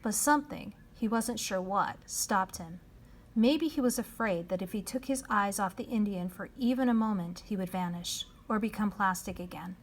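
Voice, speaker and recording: A woman narrating a children's novel in a measured storytelling voice, dropping to a hush at times. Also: medium pitch. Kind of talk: reading a children's novel aloud.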